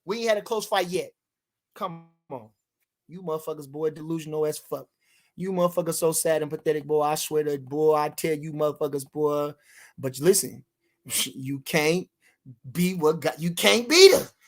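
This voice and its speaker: A man streaming a heated boxing rant to his live chat, loud and repetitive, swearing freely and breaking into shouts. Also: on the high side, moderate pace.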